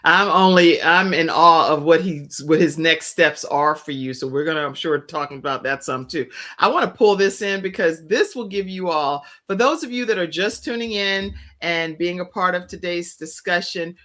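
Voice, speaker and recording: A woman with a notably low speaking voice hosts a live talk show. She is encouraging, filling her guest's pauses with affirming hums and prompts. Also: fairly bright tone. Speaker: show host.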